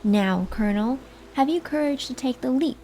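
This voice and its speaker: A woman's voice: high voice, animated, moderate pace, warm tone, slight background noise, voice pushed up. A woman voicing an invisible, mocking male fairy spirit that laughs and taunts, as a whispered role-play.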